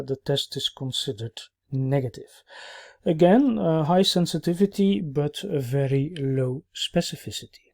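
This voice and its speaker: A man teaching a recorded clinical course, explaining at an even pace with many "uh" pauses and checking "yeah?" tags. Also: a little high, vocal fry. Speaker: orthopaedic medicine instructor.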